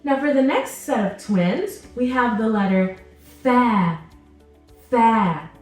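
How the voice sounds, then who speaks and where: A woman teaching a pronunciation lesson, patiently repeating each sound slowly for the learner. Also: on the high side, lively intonation, darkish tone, reverberant, far from the mic, faint music behind. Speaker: Arabic teacher.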